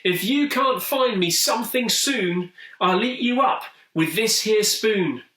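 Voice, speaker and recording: A man puts on a greedy, grumpy nose-eating monster for a storybook reading. The voice is shrill and whining, jumping high with every complaint. It sounds roomy and a little distant from the mic. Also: animated, takes it slowly, pushed and bright, exaggerated voice. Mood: whiny, angry.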